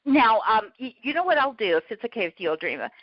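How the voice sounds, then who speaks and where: A woman guest chatting in an interview, lively and self-deprecating, laughing often and a bit out of breath from walking around. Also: fairly high pitch, quick pace, dry recording, highs cut off. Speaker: guest, author and prayer coach. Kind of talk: casual interview chat.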